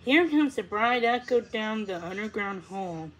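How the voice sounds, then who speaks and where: A woman narrating a storybook read-aloud in a measured, expressive way. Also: mid-range voice, slight background noise, poor audio. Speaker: reader.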